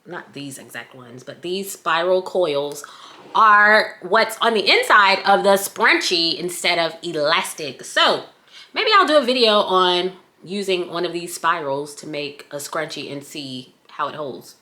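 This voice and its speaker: Lively, bright-voiced Southern woman vlogger. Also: fairly low pitch, unhurried. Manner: chatty and playful, breaks into little sing-song bits. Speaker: scrunchie shop owner reviewing a product. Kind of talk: casual product review vlog.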